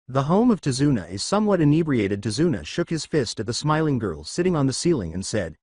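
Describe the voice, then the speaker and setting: A man reading scripted fan-fiction narration in an even way. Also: mid-range voice, brisk, few pauses, no echo, clean studio sound.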